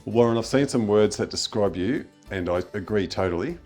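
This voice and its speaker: Man, podcast host, friendly, lowish voice, faint music behind. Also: expressive, fairly quick, darkish tone. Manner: friendly, laughs easily, short backchannels.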